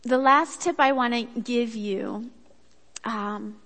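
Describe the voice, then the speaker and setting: A woman giving a sermon with a personal story, in a chatty, animated way that acts out quotes. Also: fairly high pitch, slow. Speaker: speaker at a church gathering. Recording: echoey hall.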